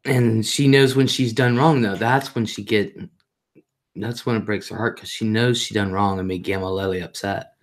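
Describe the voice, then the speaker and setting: A woman's voice: very deep voice, fairly even intonation, normal speed. A middle-aged woman hosting a casual live stream, reading viewer comments aloud and telling family stories in a chatty way, repeating herself for emphasis. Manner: mimics voices when retelling family moments. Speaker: livestream host.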